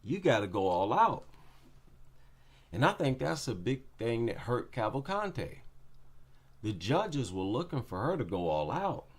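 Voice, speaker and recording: A man's voice: mid-range voice, very animated, a little slow, pauses often, slightly rough. A man giving a casual, opinionated breakdown of MMA fights, repeating his points for emphasis. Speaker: MMA commentator.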